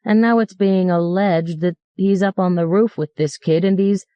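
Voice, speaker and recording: A woman's voice: fairly low pitch, steady tone, normal speed, warm tone, smooth, no echo, natural voice. A woman reading the part of a sarcastic, foul-mouthed male cab driver who rants in mock-polite tones. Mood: sarcastic ranting. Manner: mocking, ranting, mock-polite.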